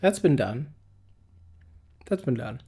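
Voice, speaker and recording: A man's voice: medium pitch, lively intonation, creaky, dark tone, breathy edge. Wry, teasing male podcast host. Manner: wry, teasing, quick comebacks. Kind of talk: casual chat.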